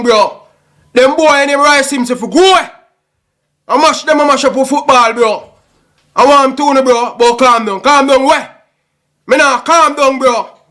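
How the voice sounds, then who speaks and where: A man's voice: extremely high pitch, bright, forceful tone. A young man with a Jamaican Patois accent, ranting passionately and emotionally to his online audience, repeating himself and calling everyone bro. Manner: passionate, repetitive, frequent "bro" and "brother". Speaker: YouTube football commentator. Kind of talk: emotional rant to camera.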